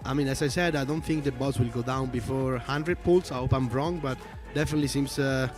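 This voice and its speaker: Speaking briskly in a steady, medium-pitched voice over music, an esports co-commentator with a strong Italian accent gives casual livestream commentary. He's from Italy and explains at length, using plenty of fillers.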